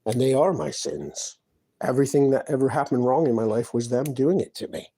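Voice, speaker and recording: A man vlogger talks at length to camera in his apartment, distressed and aggrieved, rambling from one complaint to another in a personal monologue. His medium-pitched voice is warm, animated and fairly quick, with a breathy edge.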